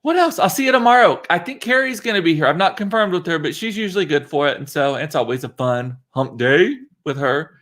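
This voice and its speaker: Guy rambling on a livestream, lotta ums, voice a bit on the high side. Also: expressive, a little fast, few pauses, fairly bright tone. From South Texas. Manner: chatty and rambling, with many fillers and restarts. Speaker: livestream host. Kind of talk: casual live-stream chat.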